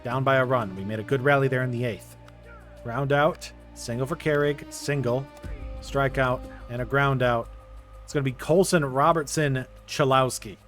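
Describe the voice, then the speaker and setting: A young man narrating his baseball video game play by play, quickly getting frustrated at the game. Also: medium pitch, fairly even intonation, a bit bright, soft background music. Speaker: gaming YouTuber. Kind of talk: casual video game commentary.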